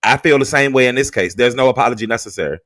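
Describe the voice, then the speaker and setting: A man hosting and moderating a live stream discussion, calm and measured, calling on the guests in turn. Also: medium pitch, slight background noise.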